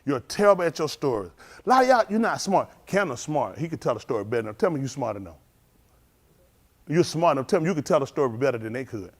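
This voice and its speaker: A middle-aged male pastor, preaching informally and telling lively street stories in which he acts out the voices. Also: medium pitch, fast talker. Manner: animated storytelling, acts out voices, laughs.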